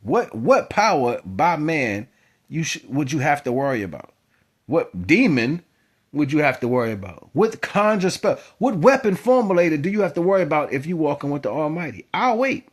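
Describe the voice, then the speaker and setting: Guy with preaching at the camera, drops low then gets loud and fired up. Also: very animated, normal speed. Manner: emphatic, swings between soft musing and loud exhortation. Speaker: spiritual vlogger.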